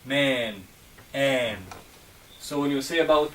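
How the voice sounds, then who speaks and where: A male Arabic teacher with a mid-range voice gives a classroom lesson on Arabic letters, slow and patient, checking understanding with "okay?" and "right?". A distant mic picks him up over faint room noise and background hum.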